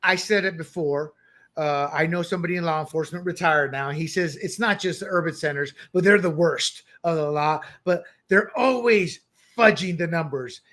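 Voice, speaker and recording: Born abroad in a country once ruled by dictators, a man co-hosts a political talk podcast in a high, bright voice at a moderate pace. Opinionated and animated, he keeps breaking into loud, mocking impressions of other people's words.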